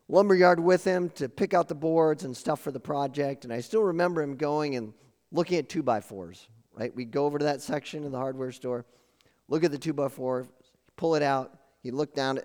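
A man's voice: fairly high pitch, moderate pace, a little mellow. A man preaching a sermon with emphatic repeated phrases and questions to the congregation. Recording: long hall reverb.

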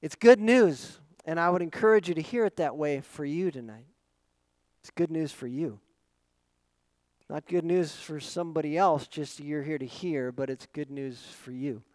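A middle-aged man preaching a sermon as pastor, asking rhetorical questions and swinging between loud emphatic lines and soft asides. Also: a little high, moderate pace, no room sound, low-quality recording.

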